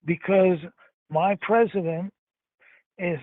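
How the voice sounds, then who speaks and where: A man's voice: high-pitched, steady tone, slow pace, dry recording. An older man, a grandfather, calling in to a livestream, speaking in short, terse replies. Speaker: caller. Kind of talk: call-in on a phone line. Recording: tinny phone line.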